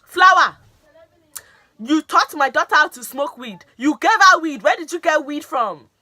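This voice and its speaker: A woman doing an angry, shouting strict father. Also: high voice, lively intonation, normal speed, no echo, voice pushed up.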